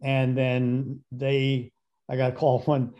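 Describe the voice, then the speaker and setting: A man's voice: medium pitch, completely flat delivery, slow, warm tone, lo-fi sound. An older man, a guest director, telling a long rambling story and acting out the voices of the people in it.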